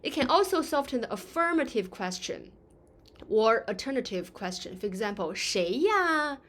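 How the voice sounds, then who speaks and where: A woman's voice: mid-range voice, big pitch swings, normal speed, a bit bright. A woman teaching a lesson in English, explaining patiently with many fillers and acting out example phrases. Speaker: Chinese language teacher.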